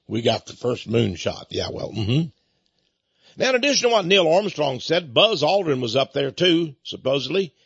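A man's voice: on the high side, breathy edge, dry recording, dull audio. An older man hosting a talk radio show, rambling in a folksy way with chuckling asides. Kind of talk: talk radio monologue with book pitch.

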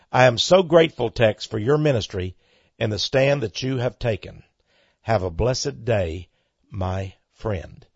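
A husky-voiced man preaches on his own radio ministry show, reading listener mail and answering in a homespun, earnest manner. He builds to fervent, rising exclamations. The sound is dry and close, with a dull, lo-fi broadcast quality. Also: mid-range voice, a little mellow, no echo.

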